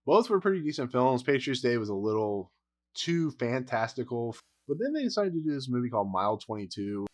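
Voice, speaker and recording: A man's voice: medium pitch, very animated, fairly quick. A man giving a casual, blunt movie review rant, exasperated and rambling, with frequent laughs.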